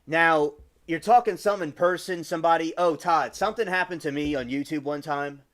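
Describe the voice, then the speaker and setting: A man in his twenties rambles casually on a live stream, greeting chat viewers by name. His voice is fairly high, fairly quick, and fairly bright, and he keeps restarting his sentences.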